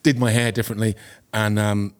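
Chatty actor, easygoing storyteller. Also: male voice, fairly low pitch, level tone, fairly quick. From England. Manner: chatty, self-deprecating storyteller with frequent "you know" and restarts. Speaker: guest actor. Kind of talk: casual chat.

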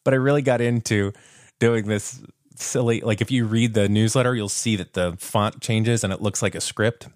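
A man's voice: lowish voice, fairly even intonation, moderate pace, no echo, clean studio sound. A man hosting a solo podcast in a casual, self-deprecating way, laughing at himself and using plenty of fillers. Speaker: podcast host.

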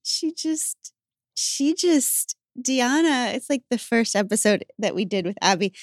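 Podcast host lady, kinda high voice, thoughtful, working through ideas out loud. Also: lively intonation, measured pace, dry recording, clean studio sound. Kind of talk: reflective conversation.

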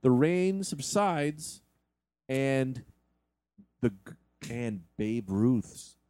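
A man narrating and directing an improvised comedy sketch, with a deadpan, bossy and easily exasperated manner. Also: medium pitch, extremely slow, dry recording.

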